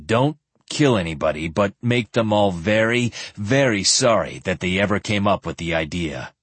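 A man's voice: on the low side, animated, normal speed, fairly bright tone, husky, no room sound. A man voicing a stern, grim male knight leader with firm, clipped speech.

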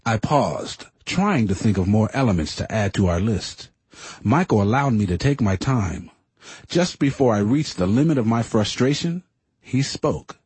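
A man's voice: on the low side, expressive, a little slow, darkish tone, husky, no echo. A man reading first-person audiobook narration in a reflective, earnest way.

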